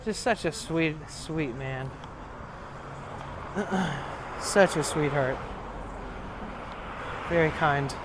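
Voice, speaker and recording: A man's voice: a little high, very slow, pauses often. A young man chatting casually on a live stream from a city street, loose and chatty and swearing freely. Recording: faint street noise behind.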